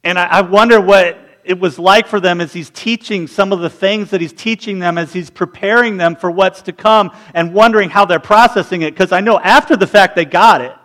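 A man in his forties preaching a sermon, telling animated stories and acting out the people in them. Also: high voice, a little fast, few pauses. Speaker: pastor.

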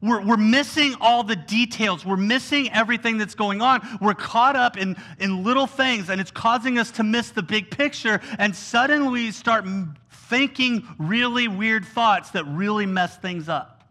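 High, bright-voiced male preacher. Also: normal speed, few pauses. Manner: animated storytelling with whiny acted-out quotes. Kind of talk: sermon.

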